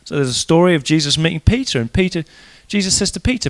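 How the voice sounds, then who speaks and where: A fast-talking man with a voice on the high side delivers an evening church sermon. It's informal and conversational, and he tells the story animatedly, putting on voices for the quoted speakers.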